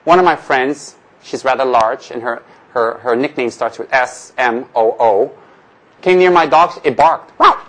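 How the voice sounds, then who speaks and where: A man's voice: medium pitch, measured pace, fairly bright tone, low-quality recording. Joking man giving a Dharma talk. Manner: humorous, rhetorical questions, repeats phrases. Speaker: Buddhist teacher.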